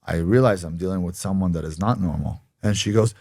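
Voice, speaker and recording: A man with a very deep voice recounts a personal story on a podcast, often jumping into a high mimicking voice to act out others. The sound is dry and close, with no room behind it. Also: brisk, vocal fry, dry recording. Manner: excitable, acts out others' lines in a high voice. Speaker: podcast guest telling his story.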